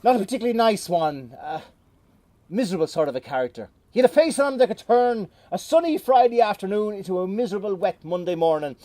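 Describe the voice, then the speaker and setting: A middle-aged Irish man telling a folk tale in a lively, playful way with dramatic pauses, outdoors. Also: sits high, no room sound. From Ireland. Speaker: storyteller. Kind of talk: oral folk storytelling. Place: outdoors on a moor.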